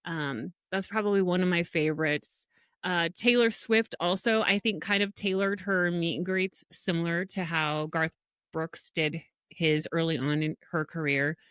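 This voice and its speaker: In clean, dry studio sound, a middle-aged podcast co-host speaks with a fairly low, clean-toned voice at an unhurried pace. She tells stories with lots of animation in a casual conversation, laughing frequently.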